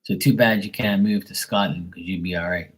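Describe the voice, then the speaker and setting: A man reading tarot on a live stream, chatting bluntly to a viewer, swearing freely and getting animated when worked up. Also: sits low, fairly quick, slightly rough, low-quality recording. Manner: blunt, swears often, talks straight to a viewer. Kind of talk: casual live-stream chat.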